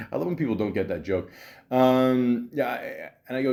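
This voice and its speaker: A man's voice: mid-range voice, expressive, takes it slowly, gravelly, pauses often, a little mellow. A man hosting a casual solo podcast, rambling and sarcastic, full of fillers and restarts as he reads out and mocks scam texts. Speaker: podcast host. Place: home in a city, street sounds outside.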